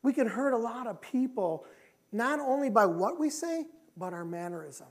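A middle-aged man preaching a sermon in a church. He talks emphatically, repeats his key phrases, and moves between loud and quiet passages. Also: very high voice, lively intonation, moderate pace. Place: church sanctuary.

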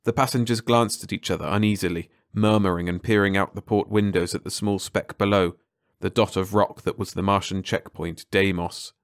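A male audiobook narrator with a low voice reads a short story in a measured, dramatic manner. The recording is close and dry, with no room sound. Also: fairly even intonation, no room sound.

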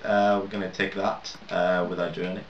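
A man's voice: low voice, little pitch movement, normal speed, slight background noise. A young man rambling and swearing through casual gameplay commentary, laughing at his own mistakes. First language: not English. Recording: lo-fi roomy home mic at a distance.

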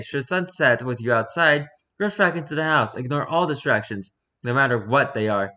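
A man reading a rules-style horror story aloud for his channel, lively, with occasional stumbles and restarts. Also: medium pitch, moderate pace, few pauses. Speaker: YouTuber reading horror stories.

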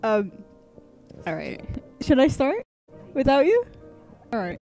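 A woman's voice: high-pitched, huge pitch swings, slow, pauses often, a little mellow, faint music behind, rough recording. A young woman on a casual livestream, joking and swearing between laughs, then reading a novel aloud. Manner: giggly, swearing, self-mocking banter. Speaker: streamer.

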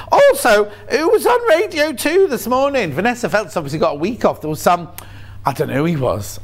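Chatty British shopping-channel presenter, high voice. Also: male voice. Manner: chatty, jokey, rambling. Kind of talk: casual chat. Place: TV studio.

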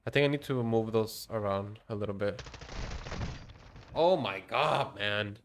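A man's voice: on the low side, a little slow. A man streaming a shooter game, rambling in casual commentary, muttering to himself and swearing now and then. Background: gunfire from the game.

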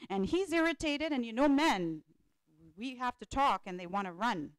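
A woman speaker and life coach giving an animated motivational talk to a live audience at a conference panel, repeating phrases and often checking in with "right?". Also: fairly high pitch, moderate pace, smooth, dry recording. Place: conference hall.

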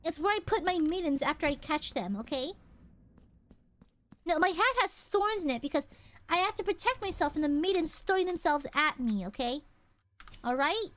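A woman's voice: high-pitched, animated, normal speed, a bit bright. A woman streamer giving casual gameplay commentary, playful and boastful, swearing and talking to her chat.

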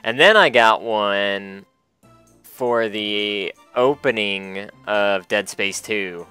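A man hosts a casual video game playthrough and keeps up a chatty, laughing commentary. His voice is bright and smooth, and he often reads the characters' lines aloud. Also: fairly low pitch, extremely slow, no echo, soft background music. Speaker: let's play host.

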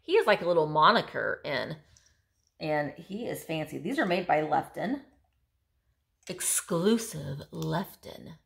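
A woman's voice: low voice, very animated, a little slow, creaky. A woman vlogging her thrift haul in a chatty, enthusiastic way, thinking aloud as she shows each item. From United States. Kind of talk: casual haul video chat.

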